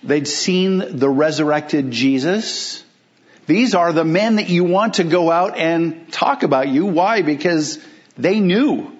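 Pastor, male, mid-high voice, emphatic preaching with rhetorical questions; muffled lo-fi sermon recording. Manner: emphatic, with rhetorical questions and slowed key phrases.

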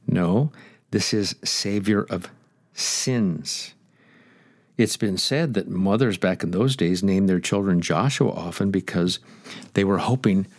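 A man's voice: lowish voice, dry recording, studio quality. A man preaching a sermon, stressing his points and asking the listeners direct questions. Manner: emphatic, rhetorical questions to listeners.

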